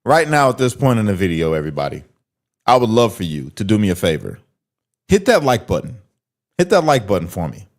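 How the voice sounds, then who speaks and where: A man's voice: fairly low pitch, big pitch swings, fairly quick. A man hosting a reaction video, talking bluntly and mockingly straight to his viewers in casual commentary.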